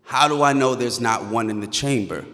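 A man's voice: medium pitch, normal speed, a bit bright, in a large hall, natural voice. A man voicing a stern male military cop who barks the same orders again and again. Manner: commanding, repeats orders.

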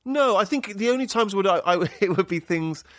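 A man's voice: high voice, lively intonation, a little fast, no room sound, studio quality. A man talking as a podcast guest, hesitant and wry, often correcting himself mid-sentence. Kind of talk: casual chat.

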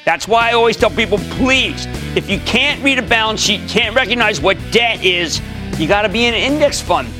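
A man in his sixties hosting a stock market show, delivering commentary and answering callers in an emphatic way, dropping from loud to hushed. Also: high voice, animated, over music. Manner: emphatic, rapid shifts between loud and hushed.

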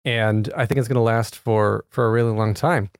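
A man hosting an interview, curious and enthusiastic, quick to laugh with his guest. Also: fairly low pitch, fairly even intonation, no echo, studio quality. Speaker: podcast host. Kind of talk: casual interview chat.

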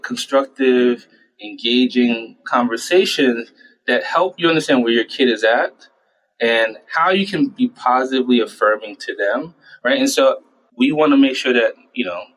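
Animated man explaining casually. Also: mid-range voice, rough recording. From United States. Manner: animated, acts out parents and himself in quick voices. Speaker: child and adolescent psychiatrist. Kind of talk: conversational interview answers.

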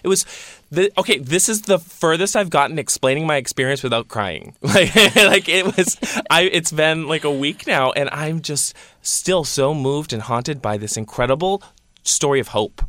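A man's voice: on the high side, animated, normal speed, fairly bright tone, no echo. A man co-hosting a podcast, speaking in an emotional, gushing way with lots of "like" as he talks about a show that moved him. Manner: emotional, gushing, full of fillers like "like". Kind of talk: casual chat reviewing a show.

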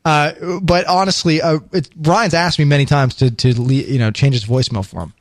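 A man hosting a casual live studio chat show, with an animated, self-mocking radio announcer way of talking. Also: on the high side, normal speed, no room sound. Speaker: podcast host. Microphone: studio microphone.

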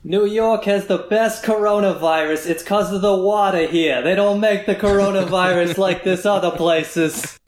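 A man's voice: high-pitched, normal speed, few pauses, pitched above the performer's own voice, close to an everyday voice. A man putting on a goofy, boastful comic voice as a mocking bit. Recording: roomy echo, faint noise.

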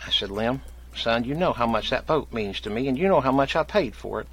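A male guest tells a long comic story in a drawling, folksy rural dialect, acting out both sides of the conversation. His mid-range voice is husky and brisk, with lively intonation.

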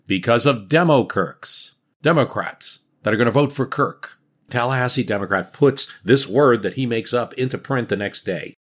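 A man's voice: mid-range voice, animated, moderate pace, fairly bright tone. A man narrating a scripted history podcast as its host, dramatic and wry. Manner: dramatic storytelling with wry asides.

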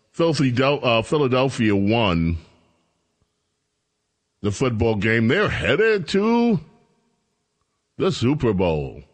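Sarcastic New talk radio man. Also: medium pitch. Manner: sarcastic, mocking. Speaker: radio host.

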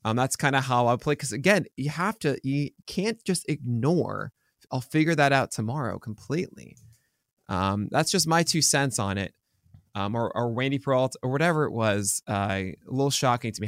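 Co-hosting a baseball podcast, a man with a mid-range, lively voice chats casually at a fairly quick pace, rambling with many ums and restarts. The studio-quality recording is dry.

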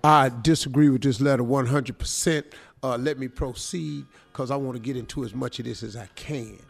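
A man hosting a radio morning show, giving comic advice in a joking, slangy, animated way. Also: medium pitch, normal speed, vocal fry, faint music behind. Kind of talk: comic advice talk, role-playing a letter writer.

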